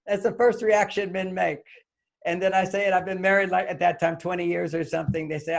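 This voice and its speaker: A man's voice: high voice, brisk, vocal fry. An older man, a guest author in an interview, explaining his ideas and acting out little dialogues as he goes. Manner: animated, acts out little dialogues. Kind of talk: interview conversation.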